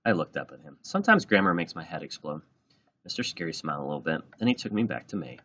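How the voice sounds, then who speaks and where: A man reading a children's book aloud in an animated, playful way. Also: a bass voice, fast talker, highs cut off, a little hiss or hum. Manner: animated, plays out every line. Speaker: reader.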